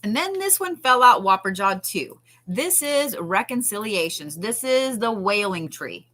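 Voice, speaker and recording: Bright-voiced chatty tarot reader. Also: female voice, mid-range voice, very animated, a little slow. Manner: chatty, swears casually, reassuring asides. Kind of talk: live-stream card reading.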